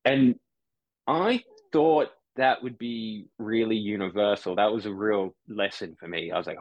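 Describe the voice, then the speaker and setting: Low-voiced man, rambling chat. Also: a little slow, no echo, muffled recording. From Brisbane, Australia. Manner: rambling, self-correcting, acts out online commenters. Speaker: podcast guest, comedian. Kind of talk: casual podcast chat.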